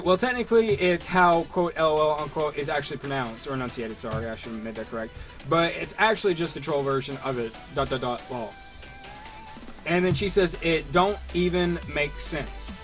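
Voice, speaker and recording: A man's voice: a little high, a bit bright. A young man co-hosting a podcast in casual chat, reading out online comments in a mocking way, with many fillers. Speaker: podcast co-host.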